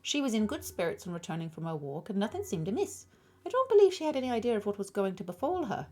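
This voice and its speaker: A woman reading the lines of a sturdy male tutor in his thirties, giving measured, formal testimony with a loose, uncertain try at an Irish-tinged accent. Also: medium pitch, very animated, darkish tone. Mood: earnest, formal. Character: powerfully built male tutor in his thirties, calm witness.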